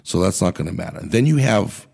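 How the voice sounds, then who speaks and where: A man's voice: low-pitched, expressive, a little fast, vocal fry, darkish tone, breathy edge. A man hosting a podcast, delivering an angry, profane political rant in a blunt way. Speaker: podcast host. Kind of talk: ranting political commentary.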